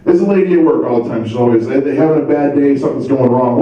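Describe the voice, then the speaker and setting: Guy doing a deadpan standup bit, dull muffled sound, big echo. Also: mid-range voice, quick pace, hardly any pauses. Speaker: stand-up comic and host. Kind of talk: stand-up comedy set. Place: comedy club stage. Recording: distant dull mic in an echoey club.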